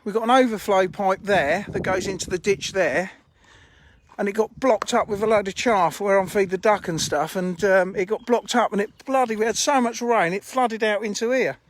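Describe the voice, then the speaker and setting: A man's voice: high voice, normal speed. A man chatting bluntly on a phone live stream while walking around his fishing lakes outdoors, a bit out of breath and swearing casually. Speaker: fishery owner streaming live.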